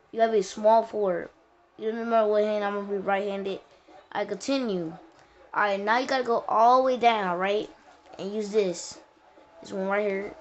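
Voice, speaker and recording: A woman hosts a casual game walkthrough, rambling along with plenty of slang and self-corrections. Her voice sits at an ordinary middle pitch. The recording sounds dull and lo-fi, with a faint hiss underneath. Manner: rambling, slangy, with many restarts. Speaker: gaming tutorial host.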